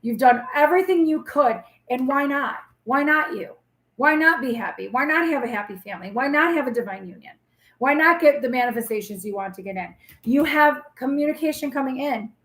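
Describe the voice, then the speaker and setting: A woman's voice: high voice, animated, brisk, fairly bright tone, echoey room. A woman in her forties hosting a casual live tarot reading, chatty, blunt and reassuring as she talks straight to viewers.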